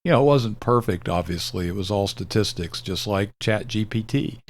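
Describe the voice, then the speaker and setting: An older man hosting a video, explaining a retro computer program in a relaxed, rambling way, with fillers and self-corrections. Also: lowish voice, moderate pace. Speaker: video host demonstrating retro software. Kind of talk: casual explanatory demo.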